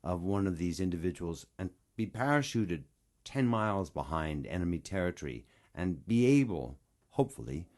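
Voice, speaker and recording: A man's voice: low-pitched, animated, normal speed, a little mellow. A man, a voice actor guest, talking in a casual, earnest and rambling way with side digressions. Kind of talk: casual interview chat.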